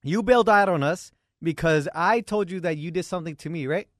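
A man's voice: a little high, brisk, a bit bright, no echo, clean studio sound. A man hosting a podcast in casual chat, telling a story with lots of repeated "hold on" and "check it out.". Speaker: podcast host.

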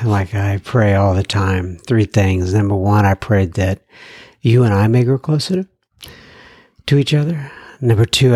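A male interviewer with a low, husky voice, recorded dry and close. He speaks in a measured, earnest way. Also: darkish tone, no room sound. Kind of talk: interview, closing prayer.

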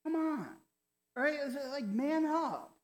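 A male pastor delivering a sermon in an animated, conversational way, peppering it with "right?" asides and mock quotes. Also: very high-pitched, measured pace. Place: church hall. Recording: roomy hall with long reverb.

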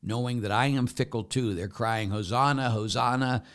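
Man, priest, low voice, earnest, candid, conversational preaching, hushed emphasis. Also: moderate pace. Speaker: Catholic priest and pastor.

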